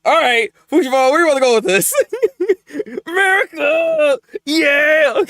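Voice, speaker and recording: A man streaming a live manga reaction. He gets excited, laughs often and chats with his viewers. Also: extremely high pitch, moderate pace, gravelly, no echo, clean studio sound.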